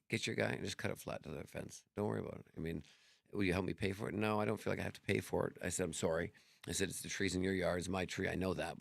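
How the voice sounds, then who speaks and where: Middle-aged male guest, gravelly and raspy, quick animated storyteller, dry close sound. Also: sits low, dry recording. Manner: animated, acts out dialogue, swears freely. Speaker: podcast guest. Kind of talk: casual storytelling chat.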